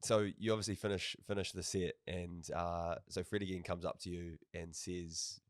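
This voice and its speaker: NZ male podcast host, low, relaxed, slangy. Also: moderate pace, no echo, clean studio sound. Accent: New Zealand. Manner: laid-back, supportive, slangy. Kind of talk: casual interview.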